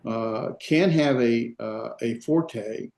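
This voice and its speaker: A man lectures to a class in a roomy, echoing space, his voice at an average pitch. He halts and restarts, fills gaps with "uh," and throws in dry asides. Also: darkish tone. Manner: halting, many fillers and restarts, dry asides. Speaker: Hebrew teacher. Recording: echoey classroom.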